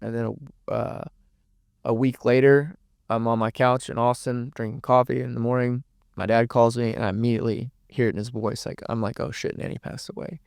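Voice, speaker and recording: Flat-voiced young man, very smooth. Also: medium pitch, normal speed, no room sound, studio quality. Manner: rambling, emotional, frequent restarts and swearing. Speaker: podcast guest. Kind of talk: candid personal storytelling.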